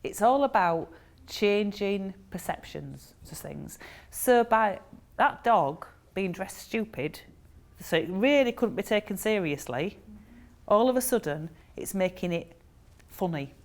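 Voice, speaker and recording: A woman's voice: mid-range voice, expressive, measured pace, a little mellow. A woman, a therapist giving a chatty storytelling talk to an audience, with frequent ums.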